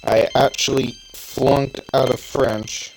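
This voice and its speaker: A man's voice: mid-range voice, fairly even intonation, slow pace, gravelly, slight background noise, poor audio. An eighteen-year-old man from Canada, rambling through casual gameplay commentary, often correcting himself mid-sentence. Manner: rambling, self-correcting, chatty asides. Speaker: let's play host. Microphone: phone screen-recorder mic.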